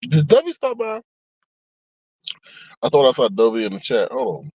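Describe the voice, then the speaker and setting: A man with a medium-pitched, darkish voice whose pitch swoops wildly chats casually on a live stream at normal speed. He reads viewer comments aloud and talks back to them, laughing often and adding asides. The recording is dry with the highs cut off.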